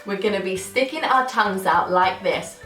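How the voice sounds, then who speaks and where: A British woman teaching toddlers first words in a slow, exaggerated, sing-song way, often breaking into song. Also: medium pitch, a bit bright. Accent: British English. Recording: roomy, slightly distant mic with faint music.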